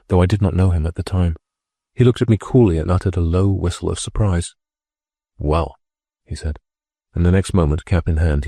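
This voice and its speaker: A man reading a classic novel aloud as an audiobook narrator, in a measured, steady storytelling manner. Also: low-pitched, husky, dry recording, clean studio sound.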